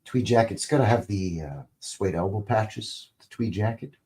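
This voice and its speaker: A man's voice: fairly low pitch, normal speed, darkish tone. A man hosting a live stream, talking casually in a rambling, conversational way, full of "you know" and "right?".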